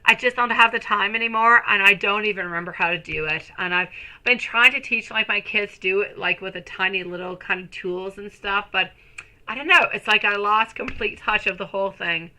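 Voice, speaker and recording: Bright-voiced gushing woman tarot reader. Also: medium pitch, fairly quick, rough recording. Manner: affectionate, calls viewers sweetie and my lovely; gushing, excited bursts. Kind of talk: live-stream chat with viewers.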